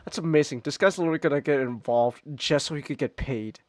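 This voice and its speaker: A male streamer giving casual, excitable gaming commentary, stammering and exclaiming often. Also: on the high side, fast talker, dry recording.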